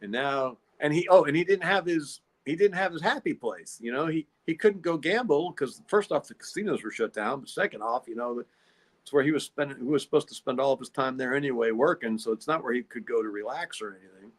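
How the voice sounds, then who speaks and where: A man's voice: mid-range voice, brisk. Folksy rambling man. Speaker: podcast host. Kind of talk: casual storytelling monologue.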